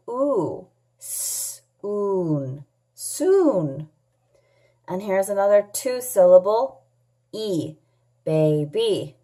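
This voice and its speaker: Very slow, patient woman teaching phonics. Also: mid-range voice, a little mellow. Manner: slow, clearly sounding out words and letters; patient, asks and answers her own questions. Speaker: English teacher. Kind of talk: phonics lesson for children.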